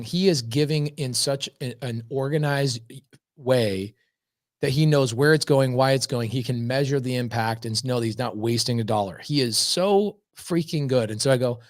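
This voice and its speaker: Man, podcast guest, casual storytelling, energetic, emphatic, repeats words. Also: mid-range voice, normal speed, no echo, studio quality.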